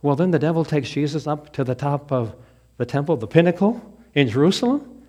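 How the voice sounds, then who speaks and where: Preacher, male, lively storytelling, pitched a bit high. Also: brisk. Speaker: Lutheran pastor. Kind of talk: sermon with joke storytelling.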